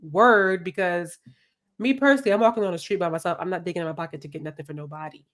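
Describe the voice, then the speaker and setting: A woman's voice: on the low side, racing. A woman hosting a podcast, telling a story in casual, slangy chat. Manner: animated, slangy, acts out quotes. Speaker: podcast host.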